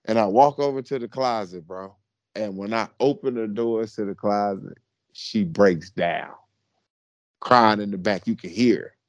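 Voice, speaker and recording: A man's voice: lowish voice, measured pace, no room sound, lo-fi sound. Slangy storytelling podcast man, dry sound. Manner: animated, slangy, addresses listeners as bro. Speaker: podcast co-host. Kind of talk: casual chat, storytelling.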